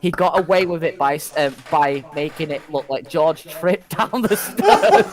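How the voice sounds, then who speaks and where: A man with a fairly high voice reads a ridiculous text aloud on a podcast. He hesitates constantly with ums and keeps breaking into giggles as he goes. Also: very animated, a little slow, a crowd in the background, poor audio. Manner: giggly, hesitant with many ums, cracks himself up. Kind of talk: casual comedy chat, reading aloud.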